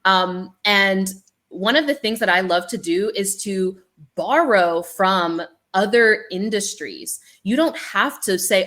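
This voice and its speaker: A woman speaking as an initiated shaman with a business background on a panel, an animated storyteller with many ums. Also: medium pitch, slow pace.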